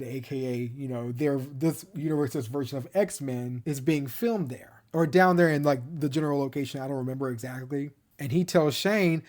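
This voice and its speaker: Fairly high in pitch and darkish in tone, this man talks through a TV show he clearly enjoys. His recap is loose and chatty, peppered with "like" and sentences that start over.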